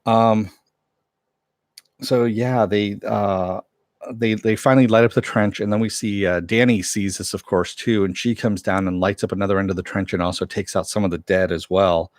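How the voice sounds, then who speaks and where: Relaxed low-voiced man recapping a show. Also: normal speed, dry recording, studio quality. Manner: rambling, filler-heavy, laughs often, chats with viewers. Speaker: show reviewer. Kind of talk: casual episode recap.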